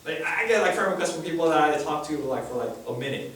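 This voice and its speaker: A man preaching a chatty, animated sermon, telling the story with acted voices, recorded in a church hall. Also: a little high, fast talker. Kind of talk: casual sermon. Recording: echoey hall from far off.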